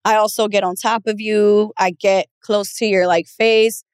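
A woman guest on a podcast, a massage therapist chatting casually, soft-spoken and shy, laughing often. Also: medium pitch, fairly even intonation, unhurried, smooth, dry recording, studio quality.

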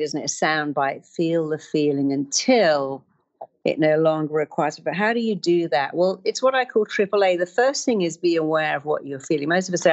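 A middle-aged woman giving an emphatic motivational talk, acting out inner voices as she explains. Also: dull audio. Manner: emphatic, acts out inner voices with wide pitch swings.

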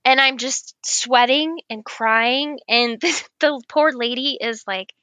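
Guest: woman, higher bright voice, lively storyteller, dry close sound. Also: slow, no echo. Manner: animated, laughs often, acts out quoted lines. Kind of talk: casual storytelling.

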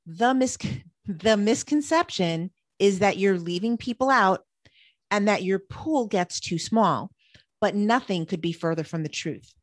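A woman's voice: mid-range voice, animated, unhurried, no room sound. A woman co-hosting a marketing podcast, reading prepared points in an upbeat way. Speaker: podcast co-host. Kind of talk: scripted podcast chat.

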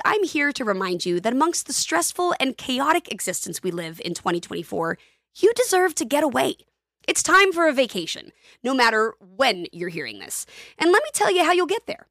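A woman's voice: high voice, sing-song, a little fast, a bit bright, dry recording, clean studio sound. A woman reading a scripted ad in a playful, chatty way. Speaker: ad reader. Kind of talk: scripted ad read.

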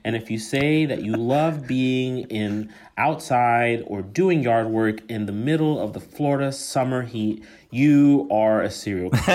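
A man's voice: mid-range voice, a little mellow. A man from Colombia leaving a jokey, laughing voice memo for a podcast he is close to. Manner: playful, laughing, teasing. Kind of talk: recorded voice memo, jokey monologue. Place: abroad, recorded on his own.

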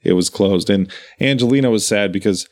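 Low-voiced man in rambling chat. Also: a little fast. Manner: meandering, enthusiastic storytelling. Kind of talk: casual chat.

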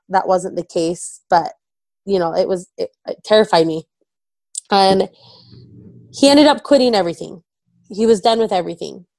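A woman's voice: mid-range voice, darkish tone, no room sound. A young woman candidly telling an emotional personal story, often quoting herself and her husband. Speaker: guest, wife of a recovering addict.

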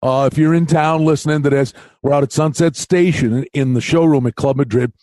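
A man co-hosting a sports betting podcast in casual chat, an animated storyteller who acts out other people's lines. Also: a little high, fairly quick, dry recording. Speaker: podcast co-host.

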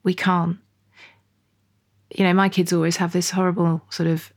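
A woman's voice: on the low side, level tone, moderate pace. A middle-aged woman, a psychologist talking frankly and directly with a client in a therapy session. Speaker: psychologist host.

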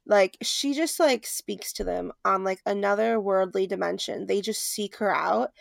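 A woman's voice: mid-range voice, moderate pace, gravelly, no echo, clean studio sound. A young woman co-hosting a podcast in casual chat, rambling with lots of fillers.

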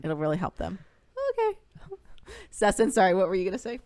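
A woman's voice: mid-range voice, normal speed, dry recording. A woman co-hosting a podcast in casual chat, telling stories and acting out what others said. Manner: animated storyteller, acts out quoted voices. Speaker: podcast co-host.

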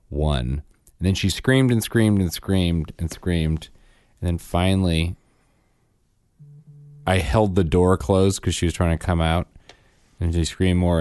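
A man with a very low voice spins a family story in casual chat, correcting himself and acting out the quotes. The sound is dry and close. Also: no room sound. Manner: animated storyteller, acts out quotes, self-correcting. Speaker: podcast co-host, father.

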